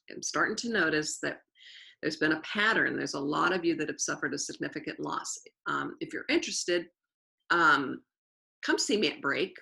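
A woman teacher speaks in a low voice with a gravelly edge and a bright, forceful tone. She tells her stories at length in an interview and slips into quoted dialogue as she goes. She often circles back and repeats her key phrases. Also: poor audio. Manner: lively storyteller who acts out quoted dialogue and repeats phrases. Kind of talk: storytelling in an interview.

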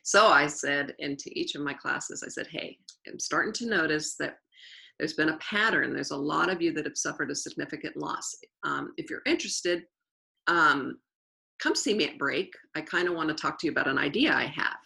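Answering interview questions, a woman teacher tells stories in an earnest, animated way and keeps restarting her sentences. Her low voice carries a gravelly fry but still comes across bright and forceful, at a moderate pace on a rough recording.

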